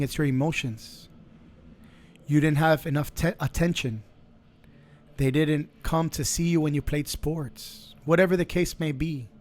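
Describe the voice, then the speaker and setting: A man with a slightly high voice delivers a motivational podcast monologue. He sounds earnest and preachy, offering faith-based advice and circling back on phrases as he builds each point. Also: a little mellow. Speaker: podcast host.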